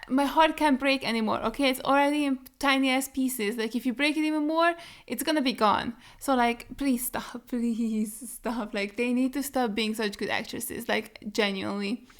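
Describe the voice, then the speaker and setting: A young woman with a somewhat high voice, talking in a loose, rambling way on her reaction channel. She gets emotional, swears freely, and circles back over her own thoughts. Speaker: reaction video host. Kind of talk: casual reaction chat.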